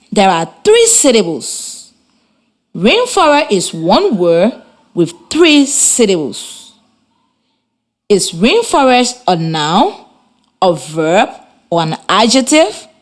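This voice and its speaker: A woman teaching a radio classroom lesson, giving encouraging, step-by-step instructions. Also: a little high.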